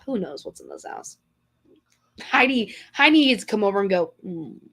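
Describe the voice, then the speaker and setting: A young woman co-hosting a casual podcast tells a long, rambling story full of fillers and restarts. Her mid-range voice is very animated and fairly bright, at a moderate pace.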